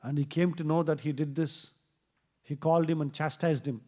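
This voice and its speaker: A man's voice: fairly high pitch, steady tone, normal speed, mellow. A man giving a temple class, telling a story and acting out the quoted dialogue with a rising voice. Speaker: temple speaker. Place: temple hall.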